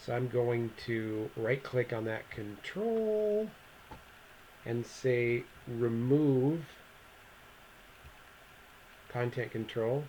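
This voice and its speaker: A man over fifty teaching a software lesson, thinking aloud as he clicks through the steps and correcting himself casually. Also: medium pitch, expressive, takes it slowly, slight background noise, poor audio. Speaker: instructor. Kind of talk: screen-recorded software tutorial.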